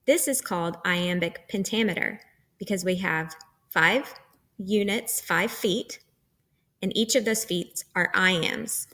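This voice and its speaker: A woman's voice: mid-range voice, slow, pushed and bright. A woman teacher giving a recorded lecture, explaining terms patiently step by step.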